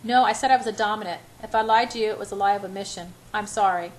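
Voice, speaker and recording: A woman's voice: mid-range voice, fast, lightly acted, low-quality recording. A woman reading the lines of a tormented young man who confesses in a strained, pleading voice. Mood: remorseful.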